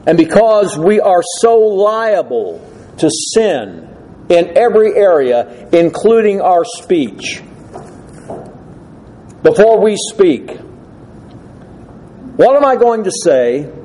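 A man's voice: high-pitched, sing-song, slow, pauses often, mellow, a little hiss or hum, poor audio. A male preacher giving an earnest, emphatic expository sermon laid out in numbered points.

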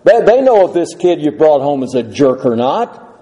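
Earnest preaching man, high and mellow. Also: sing-song, low-quality recording. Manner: earnest, measured preaching with rhetorical questions. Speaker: pastor. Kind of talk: sermon.

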